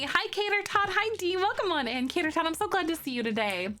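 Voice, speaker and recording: A young woman streaming live, chatting casually with her viewers, greeting them by name and squealing when something excites her. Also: very high-pitched, fairly quick, hardly any pauses, faint music behind. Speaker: Twitch streamer. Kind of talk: casual live-stream chat while playing a game.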